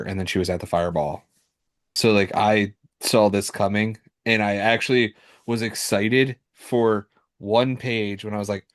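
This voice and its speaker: A man's voice: fairly low pitch, steady tone, normal speed, no echo, studio quality. A man co-hosting a comic book podcast, talking casually with fillers and self-corrections. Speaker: podcast co-host. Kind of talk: casual chat.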